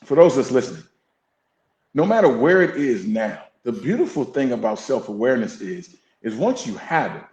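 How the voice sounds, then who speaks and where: A man's voice: medium pitch, big pitch swings, moderate pace, a little mellow. A man speaking candidly and reflectively as an interview guest, with an earnest, preacher-like emphasis. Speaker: podcast guest, fire captain and coach. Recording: roomy echo.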